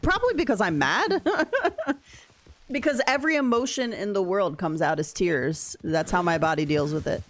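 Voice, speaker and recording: In a dry recording, a woman with a mid-range, sing-song voice talks at normal speed while playing a game on stream. She's chatty, laughs a lot, and reads and responds to her chat as she goes.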